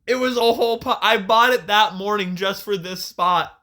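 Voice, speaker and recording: A young man co-hosting a podcast, telling a story in casual, profane, animated chat with frequent laughs. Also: high-pitched, normal speed. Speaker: podcast co-host. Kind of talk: casual chat, retelling a match.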